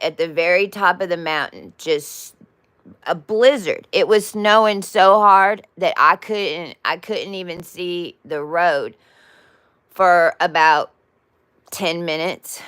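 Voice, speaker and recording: A woman's voice: fairly low pitch, fairly bright tone, smooth, dry recording. A woman telling a spiritual story in a casual, rambling way with many restarts and asides. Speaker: spiritual vlogger.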